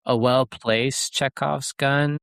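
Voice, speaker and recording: A man co-hosting a podcast, talking about a film in a halting, thoughtful way with many fillers. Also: medium pitch, steady tone, gravelly, a bit bright, smooth, no room sound, clean studio sound. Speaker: podcast co-host. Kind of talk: casual film discussion.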